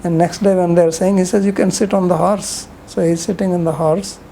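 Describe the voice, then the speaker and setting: A woman's voice: fairly low pitch, fairly even intonation, a little fast, vocal fry, mellow, a little hiss or hum, poor audio. A woman giving a rambling, conversational scripture lecture, telling stories with frequent asides.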